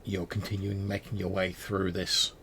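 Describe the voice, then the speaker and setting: A man's voice: sits low, monotone, normal speed, fairly bright tone, a little hiss or hum. A man narrating a tabletop game as game master, with loose, rambling descriptions.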